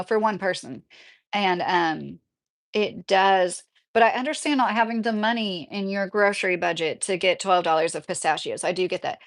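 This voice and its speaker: A woman in her thirties chatting casually as a vlogger, rambling with many fillers while reading viewer comments aloud. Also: mid-range voice. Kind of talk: casual chat.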